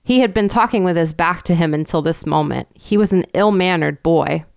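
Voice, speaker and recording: A woman narrating a storybook in a measured, even way. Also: lowish voice, vocal fry, no room sound, studio quality. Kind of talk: storybook reading.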